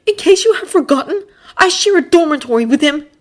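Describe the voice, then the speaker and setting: A woman voicing a sharp-tongued, exasperated schoolboy wizard who groans and deadpans. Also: very high voice, animated, normal speed, voice pushed up. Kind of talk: fan audiobook character voice.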